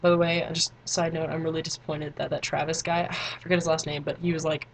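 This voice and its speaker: A woman's voice: low voice, level tone, fast, vocal fry, slight background noise, low-quality recording. A teenage girl vlogging in a rambling, chatty way, full of fillers and side notes. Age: teens. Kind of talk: casual chat to camera.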